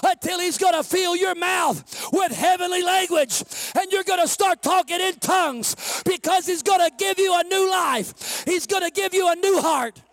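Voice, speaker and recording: High-voiced man preaching with passion. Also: moderate pace, gravelly. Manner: impassioned preaching that swings from shouting to soft, calling listeners "honey"; laughs at his own jokes. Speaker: pastor. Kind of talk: sermon.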